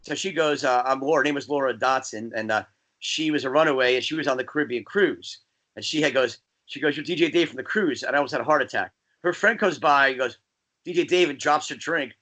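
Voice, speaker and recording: A man from New Jersey, a guest DJ, chatting casually and telling rambling, animated stories. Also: medium pitch, fast. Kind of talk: casual podcast chat.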